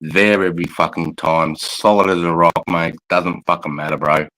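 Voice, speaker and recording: A man's voice: sits low, fairly even intonation, normal speed, sharp tone, rough recording. A man with an Australian accent, a veteran chatting casually, swearing freely and calling everyone mate. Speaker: veteran guest. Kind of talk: casual chat.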